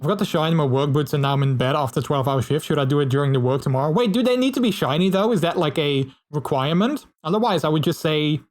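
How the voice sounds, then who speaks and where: A man's voice: fairly high pitch, lively intonation, fast talker, hardly any pauses, soft background music. A man streaming casually, reading out viewer messages and chatting in a friendly way, with many fillers and restarts.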